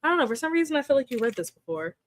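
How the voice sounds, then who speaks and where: A young woman hosting a relaxed livestream, chatting casually, greeting viewers by name and laughing often. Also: high voice, very fast. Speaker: livestream host. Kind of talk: casual chat with live chat readers.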